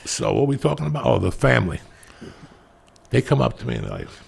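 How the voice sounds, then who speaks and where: Middle-aged male stand-up, raspy and gravelly, animated profane podcast storyteller. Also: medium pitch, a little fast. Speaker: stand-up comedian.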